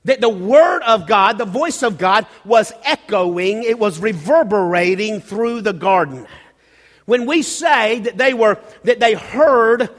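A man with a very high voice preaches a sermon from the pulpit, his words trailing off in a long hall reverb. He gropes for words with restarts, then builds into louder emphatic bursts. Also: animated, a little slow. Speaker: pastor. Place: church sanctuary.

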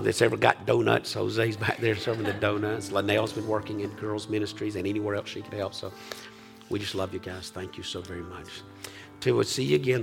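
A man pastor closing a church service with a farewell prayer, speaking earnestly, halting and restarting. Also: fairly low pitch, creaky, a bit bright. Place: church sanctuary.

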